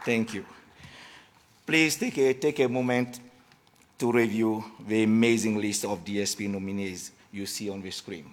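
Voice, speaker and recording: A man with a French accent presenting an award at a luncheon. He reads his speech haltingly, with restarts, and jokes at his own expense. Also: lowish voice, fairly even intonation, some chatter behind, a little hiss or hum. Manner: halting reading with restarts, self-deprecating. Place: large banquet hall at a luncheon. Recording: hall reverb in a banquet room.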